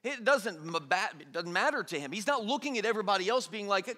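A man preaching a sermon in an animated way, acting out the people in the story in everyday voices. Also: high voice, fast talker. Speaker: pastor. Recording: long hall reverb.

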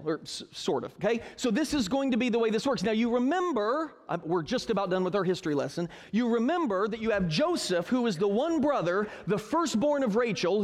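A man teaching a Bible story to a group in a joking, sarcastic way. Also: high-pitched. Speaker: pastor. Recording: reverberant hall.

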